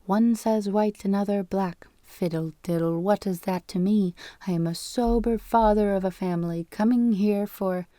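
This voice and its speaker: A woman reading an audiobook, voicing a shrill, argumentative middle-aged male clerk who talks in a squeaky falsetto and rants insistently. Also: fairly even intonation, moderate pace, hardly any pauses, warm tone, dry recording, close to an everyday voice. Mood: ranting. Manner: ranting, insistent.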